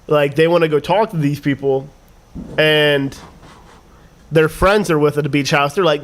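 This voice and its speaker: Young guy, slightly higher voice, rambling casual storyteller, swears and laughs. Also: fairly even intonation, normal speed, pauses often. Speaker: podcast guest.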